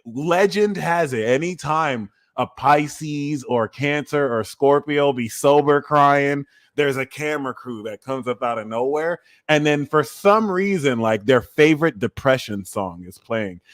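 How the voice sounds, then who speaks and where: Man, astrology stream host, slow-talking, animated comedic rant, slang and cursing. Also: medium pitch. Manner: animated, slangy and profane, laughing at his own jokes.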